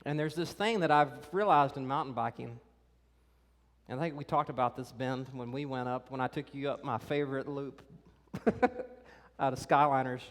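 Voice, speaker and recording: A pastor preaching a sermon in a conversational, animated way, talking directly to the kids and teenagers in the congregation. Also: male voice, mid-range voice, moderate pace. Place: church. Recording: reverberant church hall.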